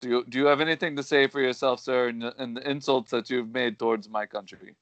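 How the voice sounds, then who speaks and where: A man voicing a fawning male caller from a Pacific island, in a put-on foreign accent, halting with many "uh"s. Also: medium pitch, steady tone, a bit bright, dry recording, lo-fi sound, natural voice. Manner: hesitant, halting, full of "uh".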